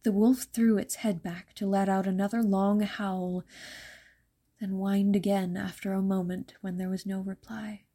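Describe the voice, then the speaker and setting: A woman narrating a dark fairytale in a measured, even storytelling manner. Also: mid-range voice, husky.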